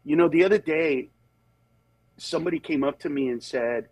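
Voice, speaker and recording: A man's voice: fairly high pitch, normal speed, long pauses, no room sound, poor audio. A middle-aged man, a comedian talking as a guest in a casual conversation, telling stories with acted-out voices and then speaking earnestly. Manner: animated storyteller who acts out voices; shifts into earnest, heartfelt talk.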